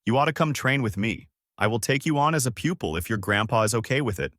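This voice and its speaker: A man's voice: mid-range voice, animated, fast, fairly bright tone, dry recording, clean studio sound, natural voice. A man voicing a lecherous, playful old male martial arts master with a drawling, hesitant delivery.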